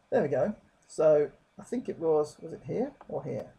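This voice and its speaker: A man talking through a software tutorial at his desk, rambling and correcting himself with many fillers. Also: fairly high pitch, sing-song, moderate pace, creaky, low-quality recording. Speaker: tutorial presenter. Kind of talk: screen-capture software tutorial.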